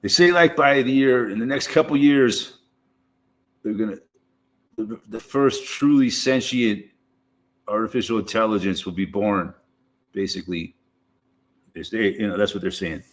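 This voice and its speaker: Rambling through an improvised stream monologue, a low-voiced man curses freely and often halts to begin his sentences again. Fillers such as "man" and "you know" pepper his speech throughout.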